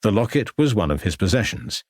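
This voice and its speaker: A male narrator reads the part of a polite but persistent Victorian police inspector who poses formal, probing questions. His voice is low and slightly husky with a lively rise and fall, and his pace is a little fast, recorded dry and close.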